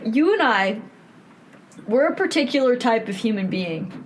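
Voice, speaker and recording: A woman's voice: on the high side, lively intonation, moderate pace, a little hiss or hum. A young woman from Southern California co-hosting a podcast in casual, profane, joking chat. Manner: joking, profane, laughs often. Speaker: podcast co-host.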